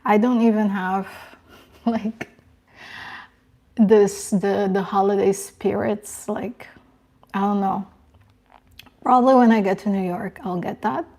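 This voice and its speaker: Young woman, casual live chat host, slow and unhurried, soft emotional halting delivery, mid pitch. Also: steady tone.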